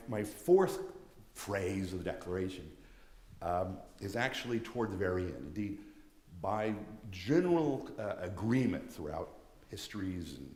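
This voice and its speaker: A man's voice: low voice, darkish tone. A man giving an earnest lecture, often restarting his phrases. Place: church. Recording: echoey, reverberant hall.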